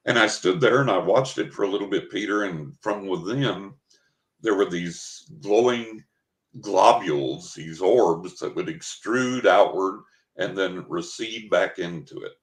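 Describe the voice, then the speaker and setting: Brief: older man from West Texas, very low voice, dramatic interview storyteller, echoey room. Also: a little slow. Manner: vivid, dramatic storyteller who acts out his own thoughts. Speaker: guest. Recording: roomy, echoey recording.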